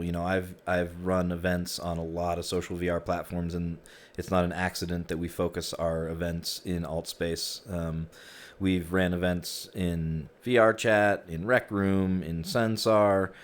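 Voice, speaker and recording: Low-voiced male host, easygoing and chatty, headset mic. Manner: easygoing, chatty, frequent "you know" and "um". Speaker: host of a virtual reality group session. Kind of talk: casual group hosting.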